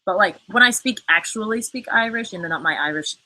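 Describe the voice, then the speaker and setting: A livestream host, a woman with a mid-range voice, talks a bit fast in an animated, pushed, bright way over poor audio. She rambles through viewer comments in a casual live chat, chatty and full of fillers and cursing.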